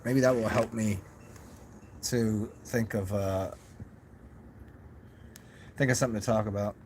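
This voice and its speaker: A man's voice: on the low side, steady tone, a little slow, a little mellow, slight background noise. A young man talking in a casual, rambling monologue to his camera, musing aloud with many restarts and asides. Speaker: vlogger.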